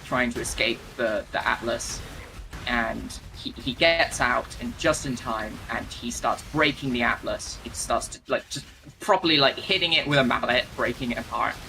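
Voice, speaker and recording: A man casually retelling a game's story as he plays, rambling with plenty of fillers and restarts. His voice is bright and forward at an ordinary pitch. A faint background hum sits under him. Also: moderate pace, vocal fry, low-quality recording. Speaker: gamer retelling game lore. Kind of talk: casual storytelling while playing.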